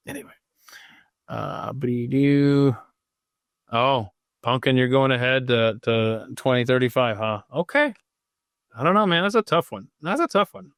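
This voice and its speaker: A man's voice: mid-range voice, expressive, a little slow, long pauses, a bit bright, no room sound. Rambling man hosting a podcast, dry sound. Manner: rambling, self-deprecating, trails off and restarts. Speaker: podcast host reading live comments. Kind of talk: casual rambling livestream chat.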